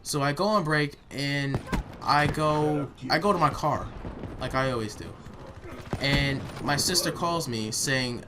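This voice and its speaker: A man's voice: medium pitch, moderate pace. Young man, casual storytime vlogger, blunt and profane, home recording with noticeable noise. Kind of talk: casual storytime while gaming.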